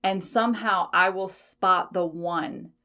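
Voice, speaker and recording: A woman's voice: lowish voice, takes it slowly, sharp tone. A woman hosting a podcast in a casual solo chat, laughing often, swearing lightly and correcting herself as she goes. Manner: frequent fillers, self-corrections. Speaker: podcast host.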